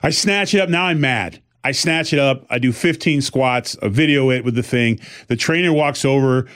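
A man chatting casually on a podcast, telling comic stories with animated energy. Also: mid-range voice, normal speed, clear, resonant tone. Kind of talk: casual chat.

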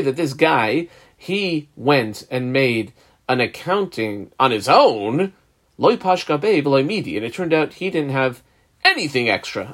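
Man teaching talmud text, animated pitch, slightly high voice, step-by-step explaining. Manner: explains step by step, marks text aloud, uses example names. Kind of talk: Talmud study lesson.

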